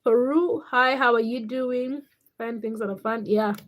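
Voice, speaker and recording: A woman's voice: a little high, measured pace, poor audio. A young woman from Africa hosting a casual livestream, chatting and greeting viewers by name as she reads their comments. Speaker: livestream host.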